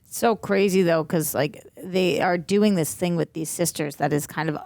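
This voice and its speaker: Wanita pembawa acara reaksi film, suara serak. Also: female voice, lowish voice, normal speed, vocal fry, a little mellow, no echo, faint music behind. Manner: chatty, lots of likes and trivia asides. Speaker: movie reaction host. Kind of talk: casual movie reaction chat.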